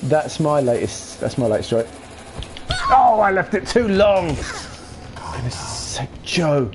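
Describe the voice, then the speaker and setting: Chatty man, lively and playful. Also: on the high side, takes it slowly, background noise. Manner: chatty, playful, rambling, breaks into silly shouts. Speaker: live streamer playing a game. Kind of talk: casual chat with live chat.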